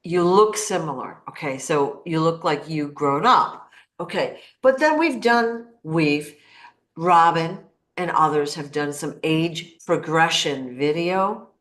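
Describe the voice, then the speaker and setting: A woman with a notably low-pitched voice hosts a relaxed interview. She backs up her guest with frequent yeahs and talks viewers through what she shows. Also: slow. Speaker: interview host. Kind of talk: casual interview talk.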